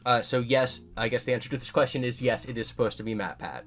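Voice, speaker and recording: A man's voice: medium pitch, fast talker, fairly bright tone, faint music behind. A man giving casual commentary as a YouTuber, answering viewer comments in a candid, self-correcting way. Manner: candid, self-correcting, talks things through.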